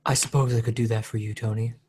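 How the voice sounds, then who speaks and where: A man in a whispered role-play voice, putting on a soft, low, seductive tone for a live debate. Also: fairly even intonation, fast talker, heavy background noise, lightly acted. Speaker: chat moderator in a debate.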